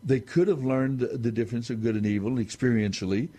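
A man explaining scripture on a talk show in a halting, measured way with many restarts. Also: medium pitch, warm tone. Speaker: Bible teacher on a talk show. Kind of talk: unscripted Bible discussion.

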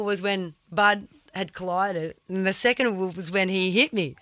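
A woman talks through a story the way a surfer would, blunt and salty with plenty of swearing. Her voice is mid-pitched and recorded dry and close, with no room sound. It sounds like a relaxed podcast chat. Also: moderate pace, dry recording. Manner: vivid, blunt storyteller who swears freely. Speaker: guest, surfer.

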